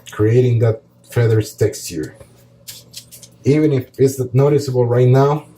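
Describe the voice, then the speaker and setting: A man calmly explaining a painting tutorial step by step as he works, pausing often with short fillers. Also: medium pitch, slight background noise, low-quality recording. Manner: calm, relaxed explaining while painting, with pauses and fillers. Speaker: art teacher.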